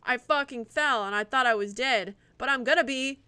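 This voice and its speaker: A woman streaming live gameplay, swearing and reacting out loud to the game and chatting with viewers. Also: high-pitched, normal speed, clear, resonant tone, dry recording. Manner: profane, reactive, talks to the game and chat.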